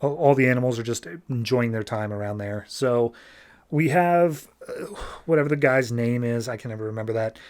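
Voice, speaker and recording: A man's voice: brisk, darkish tone. A man hosting a podcast, recapping a comic issue in a loose, rambling way with plenty of fillers. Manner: briefly shifts pitch for quoted characters. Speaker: podcast host. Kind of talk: casual comic book recap.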